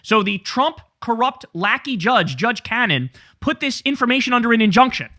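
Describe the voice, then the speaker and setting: A man's voice: extremely high pitch, expressive, normal speed, bright, forceful tone. A man giving emphatic, indignant political commentary straight to his viewers.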